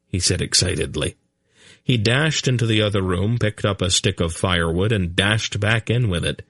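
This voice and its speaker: A man's voice: sits low, normal speed, a bit bright, dry recording. A man narrating an audiobook in a dry, comic storytelling manner.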